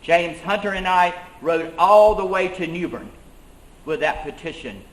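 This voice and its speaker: A man with a high voice, talking a little slowly, performs as an 18th-century colonial schoolmaster who became a rebel leader. The living-history reenactor narrates in first person with earnest emphasis, and the space sounds roomy and echoing.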